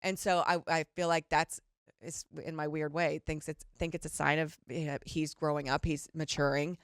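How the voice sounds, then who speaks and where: A middle-aged woman co-hosting a podcast, talking in a candid, rambling, animated way and swearing casually. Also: low-pitched, normal speed, smooth, no echo, studio quality. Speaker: podcast co-host. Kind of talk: casual chat.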